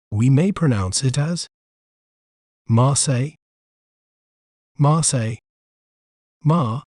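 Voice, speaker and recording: Man narrating a dry, even pronunciation lesson. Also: mid-range voice, dry recording. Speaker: pronunciation channel host. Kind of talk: scripted educational narration.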